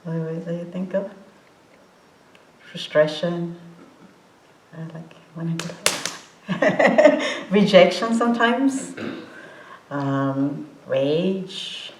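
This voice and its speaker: A woman in her forties giving an informal meditation talk, halting with many fillers and restarts, often breaking into laughter. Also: on the low side, a little hiss or hum. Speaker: meditation teacher. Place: meditation hall. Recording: roomy hall sound.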